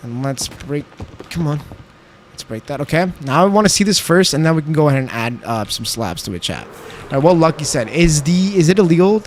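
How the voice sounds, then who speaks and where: A man's voice: fairly high pitch, slight background noise. A young man streaming a game, chatting casually and talking back to his chat while he builds. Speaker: livestreamer.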